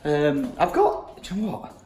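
Husky, tired vlogger man. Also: a little high, very animated, normal speed, darkish tone. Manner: rambling, self-mocking, tired. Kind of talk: casual vlog chat.

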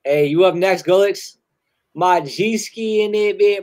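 A man hosting a live music review stream, talking loud and loose with heavy slang and swearing, laughing often. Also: high-pitched, slow pace. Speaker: host reviewing submitted music. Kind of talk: casual live-stream chat.

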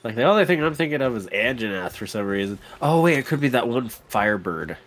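A man's voice: medium pitch, very animated, quick pace, fairly bright tone. A man co-hosting a casual game let's-play, rambling and laughing often. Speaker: gameplay co-host.

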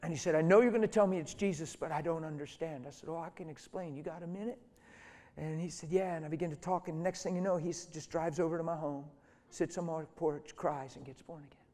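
A middle-aged man preaching a sermon through stories, dropping to hushed tones and then rising to loud, emphatic lines. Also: a little high, steady tone, quick pace. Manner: storytelling, swings from soft and hushed to loud and emphatic. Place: church hall. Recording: reverberant hall.

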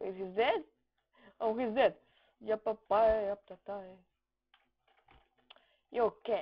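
A woman giving excitable live game commentary, shouting, swearing and making boom sound effects over a dull, lo-fi recording. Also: slow, pauses often. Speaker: gameplay commentator.

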